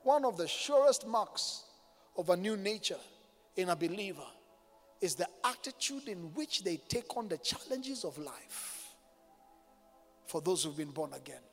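A man preaching a sermon as a pastor, moving from loud declarations to hushed intensity and calling on the congregation to respond. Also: high-pitched, big pitch swings, a little slow, pauses often. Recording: long hall reverb with faint music behind.

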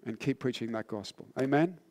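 A tired man preaching a sermon, telling a personal story with rising fervor and then turning low and solemn. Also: a little fast, darkish tone. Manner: earnest, builds in intensity then drops low and solemn.

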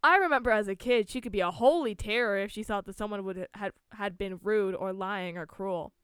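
A woman voicing a brisk, impatient middle-aged father in a story reading. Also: medium pitch, a bit bright, smooth, no room sound, close to an everyday voice.

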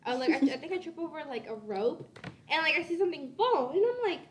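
A teenage girl co-hosting a school podcast, telling a story in a giggly, animated way. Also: high-pitched, quick pace, a little hiss or hum. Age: teens. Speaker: student podcast co-host. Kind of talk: casual chat, storytelling.

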